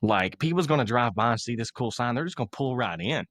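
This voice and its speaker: A young man, a guest on an interview podcast, telling a story in a relaxed, self-mocking way and acting out other people's lines. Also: mid-range voice, fast talker, no echo. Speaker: motivational speaker, podcast guest.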